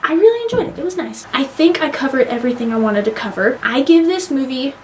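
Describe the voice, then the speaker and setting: A young adult woman giving a casual vlog movie review, excitable and gushing, swearing freely. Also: sits high, fast talker, slight background noise.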